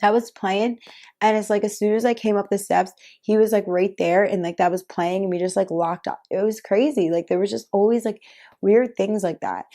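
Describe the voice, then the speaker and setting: Young woman vlogger, casual storyteller, soft dark tone, filler-heavy chatty delivery. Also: mid-range voice, steady tone, normal speed. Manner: chatty, lots of "like" fillers, frequent laughs.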